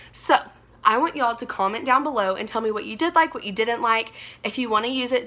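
Gushing, excitable young woman. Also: fairly high pitch. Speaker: beauty vlogger. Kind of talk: casual unboxing chat.

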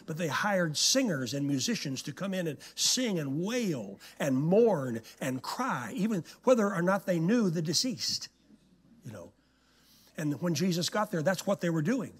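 Animated husky-voiced male preacher. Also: a little high, measured pace. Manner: animated dramatic storytelling. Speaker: guest preacher. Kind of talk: sermon. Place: church sanctuary. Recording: long hall reverb in church.

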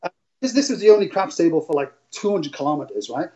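A man's voice: a little high, fast. A middle-aged man from Wales, a casino dealer telling rambling stories with frequent laughs in an interview. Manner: rambling, laughs often, animated retelling. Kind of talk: casual interview storytelling. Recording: dull lo-fi audio.

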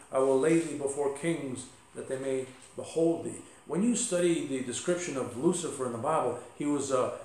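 A male pastor giving a conversational sermon with asides and light humor. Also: a little high. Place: church sanctuary. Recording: echoey church sanctuary.

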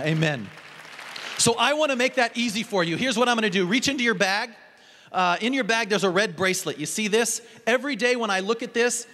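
A man's voice: high voice, sharp tone. A man giving an earnest, storytelling conference talk to an audience in a large hall. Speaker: conference speaker. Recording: long hall reverb.

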